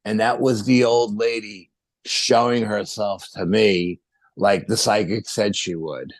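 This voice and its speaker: A man's voice: fairly low pitch, steady tone, measured pace, no room sound. A middle-aged man telling a ghost-hunting story in a casual, rambling way, full of fillers and restarts. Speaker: paranormal investigator guest.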